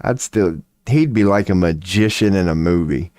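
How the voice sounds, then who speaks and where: Here a man with a low, slightly mellow voice talks at normal speed, rambling casually and profanely on a home webcam stream while joking loosely and putting on silly voices. His webcam mic yields a dry recording of studio quality.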